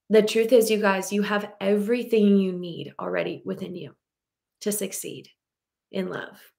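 A woman dating coach speaks straight to her audience in an earnest, encouraging way. Her pitch sits in an ordinary middle range. She talks to her listeners directly, like a group of friends. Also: steady tone, moderate pace, creaky, a little mellow. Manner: earnest, encouraging, addresses listeners as "you guys". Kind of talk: motivational talk to an audience.

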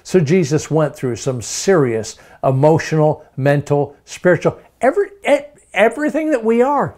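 A man's voice: a little high, darkish tone. A man preaching a sermon, emphatic, piling up rhetorical questions and repeating words for stress.

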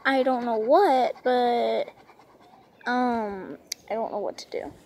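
Woman vlogger, high voice, slow and hesitant, rambling outdoors. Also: vocal fry, a little mellow, a little hiss or hum. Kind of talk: casual rambling vlog. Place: outdoors on a lounge chair.

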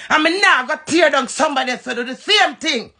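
A Jamaican woman talks into her phone in a heated, profane rant that jumps quickly from point to point. Her voice sits high and gravelly, with a sharp, bright edge. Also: expressive. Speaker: live-stream host. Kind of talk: ranting live stream.

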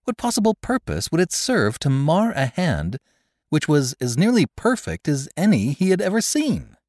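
A man narrating a classic story in a measured, expressive way, recorded close on a studio mic. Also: a little high, no echo. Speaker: narrator and podcast host.

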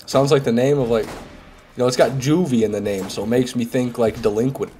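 A man's voice: mid-range voice, fairly even intonation, brisk, warm tone, slight background noise. A young man streaming a game live, chatting casually with viewers, reading chat aloud and swearing now and then, while sick with a head cold. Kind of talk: casual live gameplay commentary.

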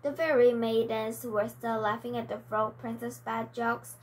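A woman reads a children's storybook aloud at a slow, careful pace. Her voice sits fairly high, and she corrects small slips as she goes. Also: flat delivery, low-quality recording. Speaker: reader.

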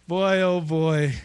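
A man from Ohio doing stand-up one-liners, corny and laughing at his own jokes. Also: a little high. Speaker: stand-up comedian.

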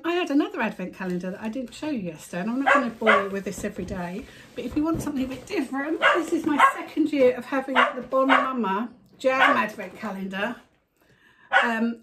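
A middle-aged woman chatting casually at home as a crafting vlogger, gushing over her finds and breaking off to hush her dog. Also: a little high. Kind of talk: casual chat. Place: at home in a living room. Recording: noisy home recording with dog sounds. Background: a dog barking and moving about.

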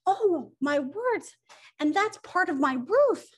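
A woman voicing an excitable male woodpecker who exclaims in a high voice. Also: moderate pace, husky. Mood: alarmed. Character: fussy male woodpecker, a carpenter bird.

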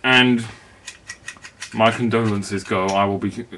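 A man's voice: lowish voice, steady tone, slow pace, sharp tone, a little hiss or hum. A man with a put-on East London accent, ranting in a mock-outraged, sarcastic way into a webcam. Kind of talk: ranting vlog.

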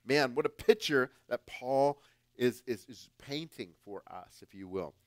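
A man's voice: medium pitch, animated, measured pace, no echo. Emphatic man preaching a dry sermon. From United States. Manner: emphatic, conversational, swings louder and softer. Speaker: guest pastor.

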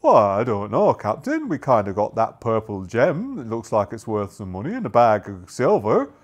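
A man voicing a relaxed male pirate crewman who talks in an easygoing, reassuring way. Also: fairly low pitch, moderate pace. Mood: contented.

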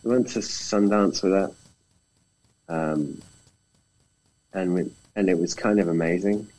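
A British film director tells stories in a casual conversation, acting out the quotes as an animated storyteller. His voice is low and a little slow, and the audio quality is poor.

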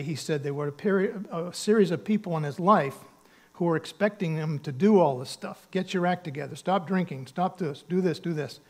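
Male pastor, sermon, earnest and conversational, slightly higher voice, emphatic bursts. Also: a little mellow. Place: church sanctuary.

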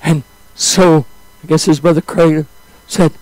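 A male preacher telling a story in a sermon, swinging from high exclamations to hushed, drawn-out phrases. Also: steady tone, no echo, poor audio.

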